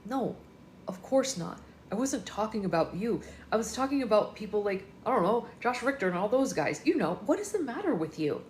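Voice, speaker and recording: A woman's voice: on the low side, fairly even intonation, fast talker, a little mellow, a little hiss or hum, close to an everyday voice. A woman reading the lines of a laid-back, dismissive teenage boy, with a casual, shrugging delivery in an echoey room. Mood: reassuring.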